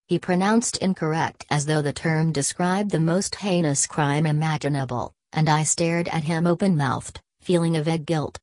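A woman reads a novel aloud in a steady, measured way, her voice low for a woman. The sound is dry and close, with no room around it. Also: no room sound. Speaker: audiobook narrator. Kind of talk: scripted narration.

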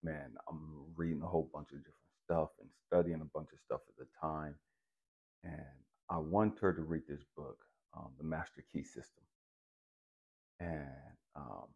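A man telling a personal story to the camera in an animated, profane, emphatic way. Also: rumbling low, moderate pace, gravelly, breathy edge, lo-fi sound. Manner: animated, profane, keeps saying "stay with me, I'm going somewhere". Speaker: channel host.

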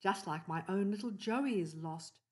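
A woman voicing a kind, motherly female red kangaroo in a storybook reading, in a gentle, soothing tone. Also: medium pitch, moderate pace, lightly acted. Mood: kindly.

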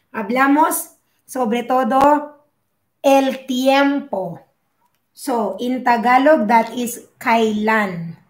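A woman's voice: on the high side, echoey room, rough recording. A young woman, teaching a live-streamed language lesson and patiently repeating and explaining each word. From Philippines. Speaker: language tutor.

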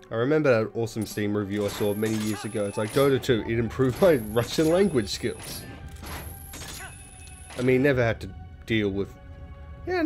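Sweary, rambling gaming guy. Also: on the low side. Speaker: let's play host. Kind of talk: casual gameplay commentary.

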